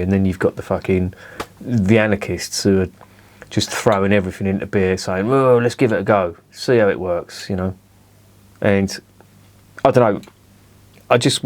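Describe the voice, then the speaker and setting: A man's voice: on the low side, a little mellow. A middle-aged man with a blunt, sweary manner, ranting in a casual beer review and peppering it with "you know".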